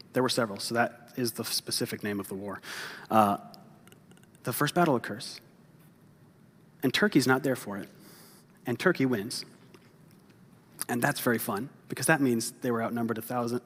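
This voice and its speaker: Guy preaching in a big echoey church, mid pitch, jokey animated storytelling. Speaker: pastor. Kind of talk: sermon with humorous storytelling. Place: church sanctuary. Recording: long hall reverb.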